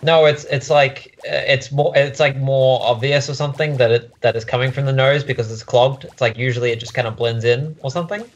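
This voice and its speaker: A man's voice: mid-range voice, steady tone, brisk, hardly any pauses, lo-fi sound. A man from Australia with an Australian accent, chatting casually on a voice call, his sentences rising at the end. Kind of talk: casual chat.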